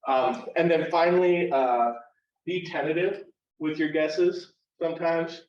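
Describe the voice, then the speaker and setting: A man's voice: fairly high pitch, fairly even intonation, a little slow, a little mellow. Counselor guy teaching a workshop, chatty, keeps saying right?, sounds far off and dull, echoey room. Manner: conversational, often ends points with "right?". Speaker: university counselor leading a workshop. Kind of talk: live workshop lecture. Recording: roomy, distant and dull live room recording.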